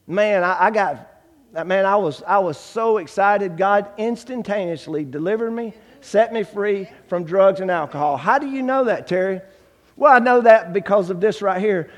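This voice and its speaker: A man giving a testimony sermon, acting out the dialogue in his story and swinging from hushed to shouting. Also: high voice, normal speed, big-room sound. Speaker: guest preacher giving testimony.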